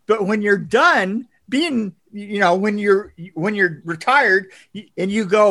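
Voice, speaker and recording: A man's voice: high-pitched, measured pace, hardly any pauses, a bit bright. An older man from California, a guest on an interview show, telling rambling stories full of swearing and laughter. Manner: profane, laughing, rambling storyteller. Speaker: guest, production designer. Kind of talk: casual interview storytelling.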